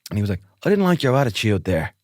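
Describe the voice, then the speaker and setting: Fast-talking Irish man, lower voice. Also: dry recording, clean studio sound. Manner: animated, acts out both sides of a story. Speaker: podcast co-host. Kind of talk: comic storytelling chat.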